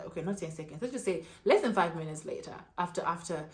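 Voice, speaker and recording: A woman's voice: on the low side, lively intonation, fast, hardly any pauses. Young woman, storytime vlog, dramatic retelling, casual slang. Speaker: vlogger.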